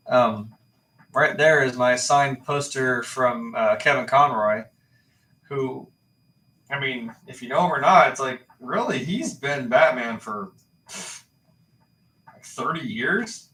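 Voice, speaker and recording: A man's voice: medium pitch, slow, long pauses, sharp tone. Laid-back rambling man, distant roomy mic. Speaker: livestream co-host. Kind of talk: casual chat.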